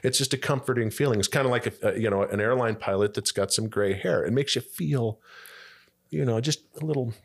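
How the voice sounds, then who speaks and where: A man's voice: medium pitch, a little fast, vocal fry, husky. A man who works as a voice actor, chatting as a podcast guest and often restarting his sentences. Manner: rambling, with frequent restarts and trailing phrases. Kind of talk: casual podcast chat.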